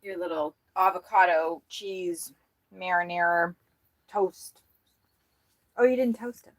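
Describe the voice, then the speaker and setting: Slow-talking woman chatting on a livestream. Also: on the low side, no echo. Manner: joking, laughs often. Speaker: livestream host. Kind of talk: casual livestream chat.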